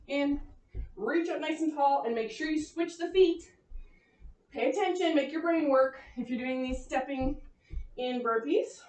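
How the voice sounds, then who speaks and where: Woman fitness instructor, high voice, winded, chatty and upbeat, recorded from across an echoey home room. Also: far from the mic. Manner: encouraging, chatty, laughs often. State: out of breath. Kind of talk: leading a home cardio workout.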